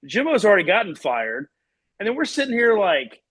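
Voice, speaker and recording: A man's voice: on the high side, big pitch swings, normal speed, a bit bright. A man from co-hosting a live sports show, talking in a profane, ranting way. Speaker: podcast co-host. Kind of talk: casual sports talk.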